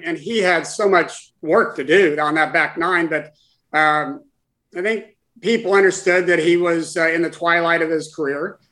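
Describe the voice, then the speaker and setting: A man in his sixties, a guest, telling a personal story in conversation in a halting, heartfelt way with many restarts. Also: on the high side, pushed and bright, poor audio. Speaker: guest, former caddie for his father.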